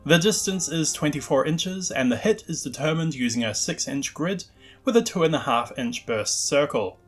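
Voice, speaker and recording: A man putting on an English accent to read out an old wargame rulebook as a stuffy, formal English reader, in a measured, formal way. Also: a little high, expressive, faint music behind. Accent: put-on English.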